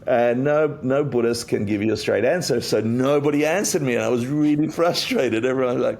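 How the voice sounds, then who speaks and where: Low creaky-voiced man telling stories with a faint background rumble. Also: brisk, hardly any pauses. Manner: animated storyteller, acts out quotes. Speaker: interview guest, Buddhist teacher. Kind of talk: casual storytelling in a podcast interview.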